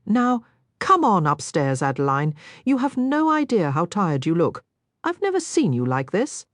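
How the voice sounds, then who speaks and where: A woman's voice: lowish voice, sing-song, measured pace, no room sound, clean studio sound. A woman voicing a cheerful, affectionate mother in her late forties who coaxes and soothes. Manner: coaxing, affectionate. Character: warm, cheerful middle-aged mother, soothing.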